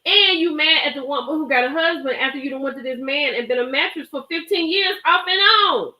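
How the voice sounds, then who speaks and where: A brisk, high-voiced woman runs a live stream, dishing gossip about a reality show. Her manner is lively, emphatic, and chatty, and she welcomes viewers along the way. Echo from a roomy space colors the recording.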